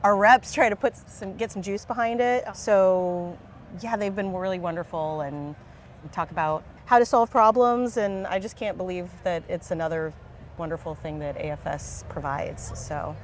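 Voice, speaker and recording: Chatty excited woman filmmaker guest at a party interview, faint hiss in the background. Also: on the low side, normal speed. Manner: enthusiastic, chatty, laughs easily. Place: outdoor film party.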